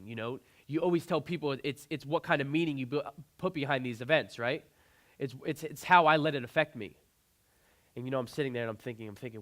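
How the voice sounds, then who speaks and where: A man's voice: mid-range voice, quick pace, a bit bright. Earnest young man telling a story on stage. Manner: earnest storytelling with many restarts and repeated phrases. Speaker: motivational speaker. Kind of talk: inspirational keynote speech. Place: conference stage.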